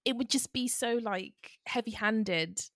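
A woman's voice: fairly high pitch, a little slow, fairly bright tone, dry recording, studio quality. A woman chatting on a podcast, filling her talk with "like" and acting out her examples. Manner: chatty, fills with 'like', acts out examples. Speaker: podcast co-host. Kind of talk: casual chat.

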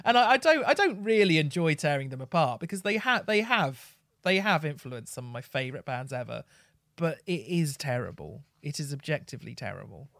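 A man's voice: on the high side, brisk, gravelly, no room sound. Guy ranting about music, sweary and mocking, dry close sound. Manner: blunt, sweary, mocking, bursts into excited rants. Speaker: podcast co-host. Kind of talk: casual music review chat.

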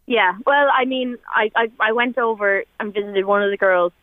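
A woman's voice: mid-range voice, moderate pace, no room sound. A woman in her twenties with an Irish accent, talking in a rambling, chatty way with many fillers as a guest on a radio phone-in. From Ireland. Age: 20s. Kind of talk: emotional radio phone-in chat. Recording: tinny phone line, dry.

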